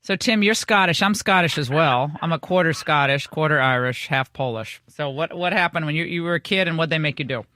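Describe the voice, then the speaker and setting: A woman hosts a talk show in a forceful, sharp-edged voice, brisk and teasing. Her opinions come out quick and plain. The sound is close and dry. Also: low voice, no echo. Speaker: talk radio host. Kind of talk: opinionated talk radio monologue and chat.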